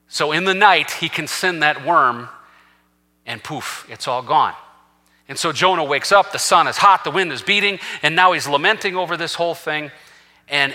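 A man's voice: a little high, bright, forceful tone. A man preaching a sermon as senior pastor, telling a scripture story with acted-out quotes and rising to fervent peaks. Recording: long reverb of a large hall.

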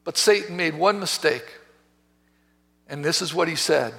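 A man preaching a sermon as pastor, telling a story with passion, swinging between hushed and loud. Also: on the high side, a little slow, creaky. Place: church sanctuary. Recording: reverberant church hall.

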